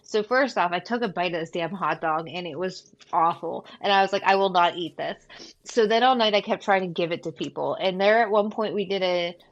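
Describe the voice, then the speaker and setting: A woman's voice: fairly low pitch, a little fast, few pauses, highs cut off. A woman as a podcast guest in casual chat, telling a story with frequent swearing and laughter.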